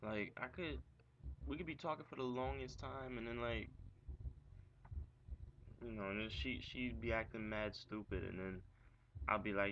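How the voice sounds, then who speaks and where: Young male vlogger, low raspy-fried voice, rambling profane vent; muffled lo-fi mic, light background hiss. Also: lively intonation, normal speed, long pauses. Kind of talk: casual venting monologue. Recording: dull lo-fi recording with faint hiss.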